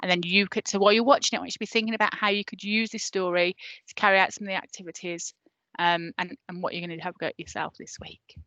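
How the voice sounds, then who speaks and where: A woman's voice: on the low side, fairly even intonation, fast, a bit bright, no echo, lo-fi sound. Chatty woman teaching parents. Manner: chatty and encouraging, many fillers. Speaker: primary school teacher. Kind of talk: recorded lesson for parents.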